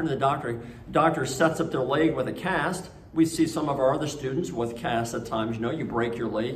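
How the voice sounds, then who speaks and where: A man's voice: mid-range voice, a little hiss or hum. A man preaching a conversational homily at a school Mass, telling stories with frequent restarts. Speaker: priest. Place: church. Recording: echoey church.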